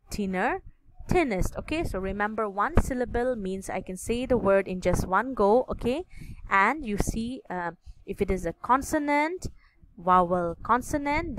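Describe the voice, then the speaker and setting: A woman's voice: mid-range voice, fairly bright tone, a little hiss or hum, low-quality recording. A woman teaching an English grammar lesson, explaining step by step and checking understanding with a frequent "okay?".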